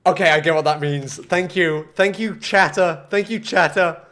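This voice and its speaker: A young man commentating his own gameplay live, excitable and self-mocking, talking to chat. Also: a little high, unhurried. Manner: excitable, self-mocking, swings between frustration and laughter. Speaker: gaming streamer.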